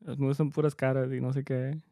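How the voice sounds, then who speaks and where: Smooth-voiced man telling a story. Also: mid-range voice, flat delivery, fast talker, dark tone, no echo, studio quality. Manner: storytelling, switching between English and Spanish, laughing often. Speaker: podcast co-host, mariachi musician. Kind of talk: casual chat.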